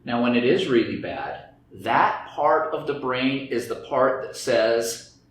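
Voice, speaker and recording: A man speaking on anxiety and stress lectures a group, acting out inner voices through quoted dialogue. His voice is mid-range and slow-paced, recorded in a very echoey room with faint background noise.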